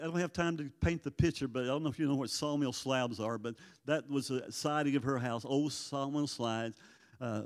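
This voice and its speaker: An older man from Arkansas, giving a folksy church testimony about prison ministry. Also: medium pitch. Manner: folksy storytelling, acts out voices in quotes. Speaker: prison ministry guest speaker. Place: church sanctuary. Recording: long church reverb.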